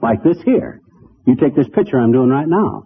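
A man's voice: medium pitch, expressive, moderate pace, slightly rough. A man playing a brash, boastful small-town husband who mangles words, in 1940s radio comedy. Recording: tinny old radio broadcast, studio audience laughter.

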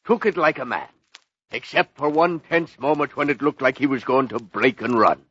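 A man's voice: mid-range voice, moderate pace, a bit bright, slightly rough, no room sound. An actor playing a thick-headed, boastful male beat cop with bad grammar, in 1940s radio comedy. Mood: blustery. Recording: dull old radio broadcast.

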